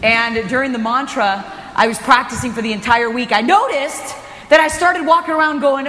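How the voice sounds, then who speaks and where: A woman giving an energetic, inspirational conference talk as a motivational speaker, often raising her voice for emphasis. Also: sits high, moderate pace. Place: hotel conference hall. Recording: echoey hall recording.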